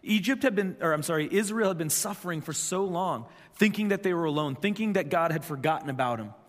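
A man's voice: a little high, lively intonation, quick pace. A pastor in his thirties giving a conversational sermon in a church, repeating his points with emphasis. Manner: conversational, repetitive, emphatic preaching. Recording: long church hall reverb.

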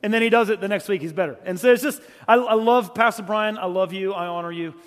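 A middle-aged man from South Carolina preaching in a church, telling funny stories in a casual way and then turning quiet and earnest. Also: sits high, quick pace. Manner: joking, conversational, swings from loud storytelling to quiet earnest. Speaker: guest preacher. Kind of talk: humorous storytelling sermon. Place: church sanctuary. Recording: long church hall reverb.

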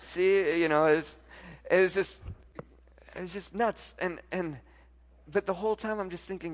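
Guy telling a story on stage, kinda high voice, animated, repeats himself a lot. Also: measured pace, long reverb tail. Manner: animated storyteller, repeats words, acts out dialogue. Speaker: speaker telling a personal faith story. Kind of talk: storytelling talk to a live audience.

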